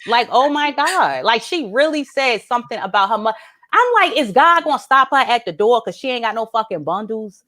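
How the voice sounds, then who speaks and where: A woman performs stand-up on a club stage, her voice high and swooping widely as she tells her jokes. She is brash and profane and keeps breaking into laughter at her own lines. The sound comes through a handheld stage mic. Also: lively intonation, moderate pace, fairly bright tone. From Atlanta, Georgia. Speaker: stand-up comedian. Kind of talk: stand-up comedy set.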